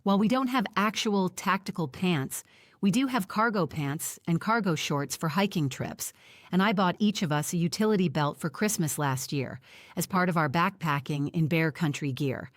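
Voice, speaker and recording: A woman narrating a first-person audiobook in a steady, reflective way. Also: on the low side, normal speed, no room sound, studio quality.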